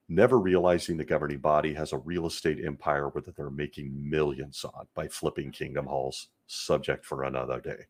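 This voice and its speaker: A man's voice: rumbling low, level tone, brisk, hardly any pauses, breathy edge. A middle-aged man hosting a commentary show, speaking in an earnest, indignant and emphatic way. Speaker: podcast host. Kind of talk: commentary on a religion he left.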